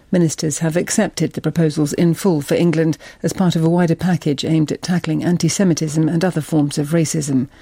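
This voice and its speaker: A woman reading a formal radio news summary in a steady, measured way. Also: lowish voice, no echo. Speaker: newsreader.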